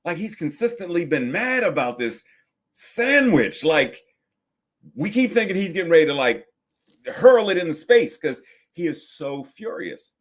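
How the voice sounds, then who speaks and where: A baffled construction coworker, chatty and incredulous, gossips about a friend's odd habit in a voice pitched a little above the speaker's own, as a preacher acts him out in a story. He talks in loose bursts full of fillers. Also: very animated, measured pace.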